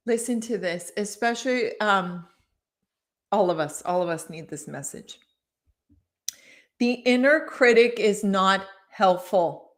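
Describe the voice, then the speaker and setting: Woman in her middle years, author reading live to a webcam, slow and gushing, chats with viewers. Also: medium pitch. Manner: warm, gushing, chats with viewers between passages. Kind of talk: live-streamed book reading with chat.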